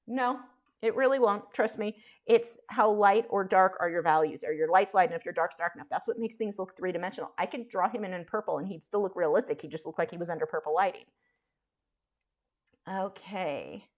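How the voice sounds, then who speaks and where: A woman's voice: mid-range voice, brisk. A woman chatting casually while teaching a live drawing stream, frank and talkative, with frequent fillers and restarts. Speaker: art instructor streaming live.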